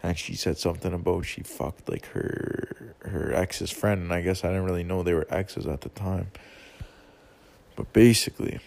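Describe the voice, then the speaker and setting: A man's voice: deep voice, normal speed, vocal fry, a little mellow. A young man telling a long personal story as a casual rant, rambling, swearing constantly and full of slang.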